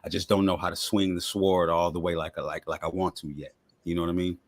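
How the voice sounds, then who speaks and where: A man with a deep voice, a rapper and podcaster talking casually as a guest in an interview. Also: flat delivery, dry recording. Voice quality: deep voice others remark on. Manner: laid-back, self-promoting, quick-talking.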